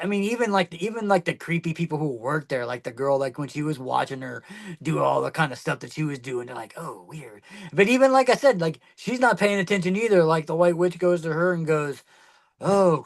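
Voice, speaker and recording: A man's voice: on the high side, creaky. Rambling man in casual chat. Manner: rambling, with many fillers and restarts. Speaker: podcast co-host.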